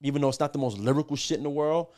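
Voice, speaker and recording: A man's voice: a little high, racing, mellow. Brief: middle-aged male producer, podcast guest, casual profane storyteller, lots of "you know" and restarts. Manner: profane, loose, filler-heavy with many restarts.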